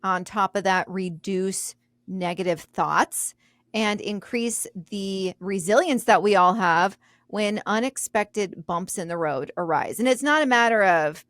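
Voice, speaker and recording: A woman's voice: medium pitch, a little slow, a bit bright, dry recording, clean studio sound. A woman co-hosting a podcast, chatting casually in a bubbly way and laughing often. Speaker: podcast co-host. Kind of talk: casual chat.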